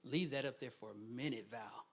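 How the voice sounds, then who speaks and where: A man preaching a sermon as a guest speaker, swinging between hushed asides and loud, emphatic bursts and laughing often. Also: mid-range voice, moderate pace, gravelly.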